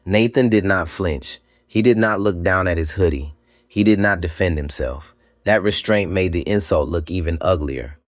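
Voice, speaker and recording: A man narrating a dramatic scripted story, measured and slow, with deliberate pauses. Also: deep voice, no room sound, studio quality.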